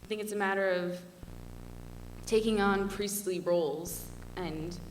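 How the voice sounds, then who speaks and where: Speaking with a steady tone at a measured pace, this young student panelist delivers a heartfelt, passionate talk peppered with "like." Her mid-range voice was captured from a distance in an echoey hall, with slight background noise.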